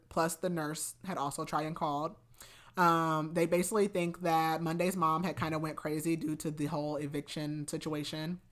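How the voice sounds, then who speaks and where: Chatty woman with a lowish voice. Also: fairly bright tone. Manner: chatty, many fillers and restarts. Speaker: podcast host. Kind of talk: casual book recap.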